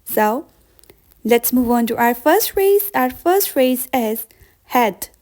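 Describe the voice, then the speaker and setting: A woman teaching a beginner vocabulary lesson, saying each word slowly and carefully and repeating it with patient encouragement. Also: on the high side, animated, a little mellow. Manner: slow, careful repetition of words. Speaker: language teacher.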